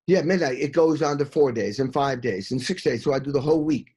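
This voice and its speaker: A middle-aged man, a session drummer, telling animated stories in an interview, swearing freely and scatting drum beats. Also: mid-range voice, brisk, breathy edge.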